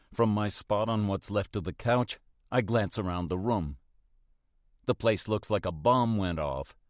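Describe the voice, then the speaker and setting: A man's voice: fairly low pitch, a little mellow, no echo, studio quality. A man narrating a suspense audiobook in the first person, with a tense delivery.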